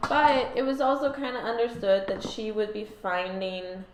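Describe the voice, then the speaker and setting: A woman's voice: medium pitch, little pitch movement, moderate pace, noisy background. A woman vlogger telling a history story in a casual, irreverent way, with lots of "like" and swearing. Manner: irreverent, sarcastic, filler-heavy, swearing. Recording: echoey room.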